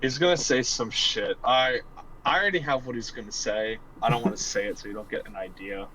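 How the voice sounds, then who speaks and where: A man's voice: medium pitch, fairly quick, sharp tone, a little hiss or hum, low-quality recording. A man playing a tabletop game with a teasing, wry manner. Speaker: player. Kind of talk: casual tabletop play.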